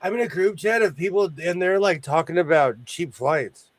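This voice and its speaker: Lively high-pitched man hosting a chat. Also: normal speed, no echo. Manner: chatty, greets viewers by name, jokes about himself. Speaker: host of a live sewing stream. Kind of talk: casual chat.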